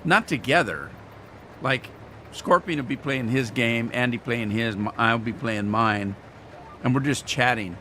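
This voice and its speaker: A man chatting in a rambling, folksy way to live viewers while playing a farming game, his throat irritated so he keeps clearing it. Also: medium pitch, measured pace, bright, forceful tone, slight background noise. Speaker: gaming streamer.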